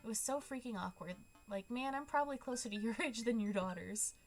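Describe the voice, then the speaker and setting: Female streamer, giggly and animated, slightly high voice. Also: brisk, soft background music. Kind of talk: let's-play commentary.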